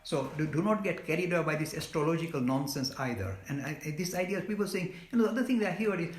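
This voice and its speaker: A man's voice: fairly high pitch, animated, fast talker, few pauses, reverberant, faint music behind. A man giving an earnest, impassioned talk and answering questions, emphatic and scolding, often repeating words. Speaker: guest speaker on a live stream.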